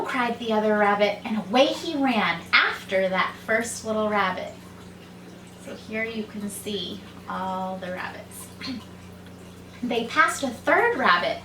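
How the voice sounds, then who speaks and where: A woman who reads a children's story aloud slowly and gently, as a teacher. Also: mid-range voice, a little hiss or hum. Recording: echoey room, mic far off, faint ambience.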